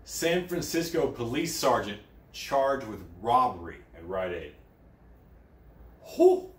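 A man hosting a crude comedy news show while high, rambling and swearing, with sudden loud outbursts. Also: very animated, measured pace, slight background noise. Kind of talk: crude satirical news commentary. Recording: echoey room, mic at a distance.

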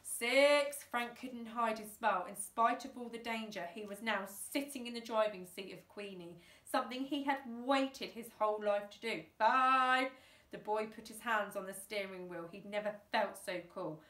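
A woman teacher reading a children's book aloud, lively and acting out the characters. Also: normal speed, few pauses. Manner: lively, voices characters with big pitch jumps. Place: classroom or home, self-filmed. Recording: echoey room.

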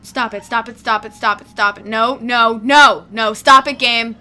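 A young woman playing through a video game, reacting out loud with excitement, emotion and pleading. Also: fairly high pitch, normal speed. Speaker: let's play gamer. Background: faint game music.

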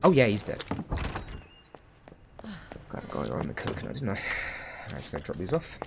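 A man's voice: fairly low pitch, wildly swooping pitch, normal speed, creaky, noisy background. A man chatting casually over a game stream, swearing freely and talking to the characters on screen. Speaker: gaming streamer. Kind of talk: casual let's-play commentary.

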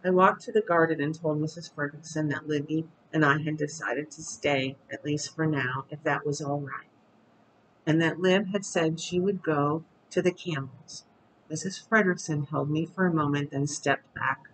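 A storyteller reading a chapter book aloud at bedtime in a calm, steady voice. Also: mid-range voice, moderate pace, slight background noise, rough recording.

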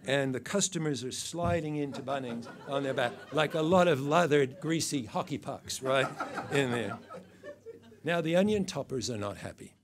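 A man's voice: mid-range voice, normal speed, crowd noise. Dry, mocking older male presenter. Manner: dry, mocking, with wry asides and quotes. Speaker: awards presenter. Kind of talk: satirical awards speech.

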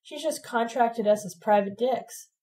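A woman's voice: on the high side, measured pace, warm tone, lightly acted. A woman voicing a brash, touchy young male gang leader who talks in swaggering street slang. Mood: taunting.

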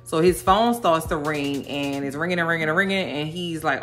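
A woman hosting a casual commentary vlog, animated and sassy, talking straight to her viewers. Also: low voice, moderate pace, few pauses, soft background music. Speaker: video host reacting to a documentary.

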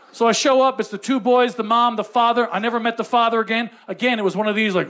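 High-voiced brash comic. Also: male voice, quick pace, few pauses, a bit bright. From Canada. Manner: brash, profane storytelling. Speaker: stand-up comedian. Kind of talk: stand-up comedy.

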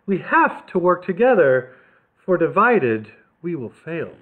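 A proud Persian cat lady speaks gently and earnestly in a storybook, as a man reads her lines. Her voice sits somewhat high. The sound is thin and phone-like. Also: big pitch swings, unhurried.

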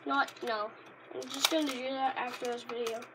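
A woman rambling casually in a vlog, easily delighted and bursting into loud exclamations. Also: sits high, level tone, moderate pace, noisy background. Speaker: Pokémon card reviewer. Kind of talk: casual unscripted vlog chat.

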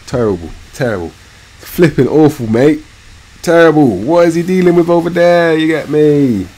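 A young man, giving slangy, animated live commentary on a football management game, muttering one moment and shouting the next. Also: a little high, moderate pace. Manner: slangy, animated, swings from mumbled asides to loud outbursts. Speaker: gaming streamer.

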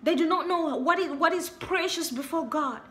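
Young woman preacher, very high and sharp voice, emphatic and repetitive delivery. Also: normal speed. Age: young adult. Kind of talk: sermon.

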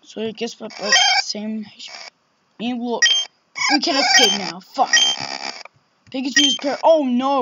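A woman's voice: fairly high pitch, big pitch swings, normal speed, pauses often. A woman playing a horror game and commenting, jumpy and exclaiming, often swearing. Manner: jumpy, exclaiming, swearing, frequent 'oh my God'. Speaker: let's play gamer. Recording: loud background noise.

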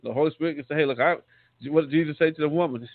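A man's voice: fairly high pitch, rapid-fire, no echo. A man, a deacon, giving a conversational sermon, often repeating and restarting words and calling his listeners saints. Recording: tinny phone-line sound, dry.

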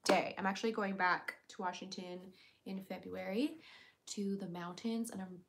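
A woman streamer chatting casually on a livestream, reading viewers' comments aloud and answering them with quick giggles. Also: medium pitch, steady tone, creaky. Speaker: streamer and voice actor.

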